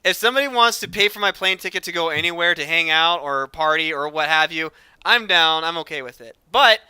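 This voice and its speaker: A man's voice: a little high, brisk, bright, forceful tone, smooth, dry recording. A man hosting an esports stream, chatting with players and reading out viewer questions. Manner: upbeat, chatty, reads chat questions aloud. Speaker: esports caster interviewing players. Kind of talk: casual stream chat.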